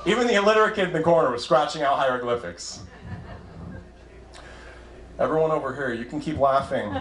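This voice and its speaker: A young man doing a stand-up set as host, self-deprecating and chatty with the crowd, speaking into a handheld mic on a club stage. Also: a little high. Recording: roomy club sound. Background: audience laughter.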